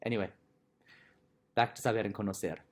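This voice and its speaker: A man teaching a recorded language lesson in a chatty, playful way, with quick asides to the viewer. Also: lowish voice, a little mellow. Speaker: Spanish teacher.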